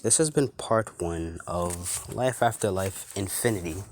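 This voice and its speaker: Deep-voiced young man rambling through a fan story. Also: a little slow, slight background noise. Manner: rambling, run-on clauses with fillers. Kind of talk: casual improvised storytelling.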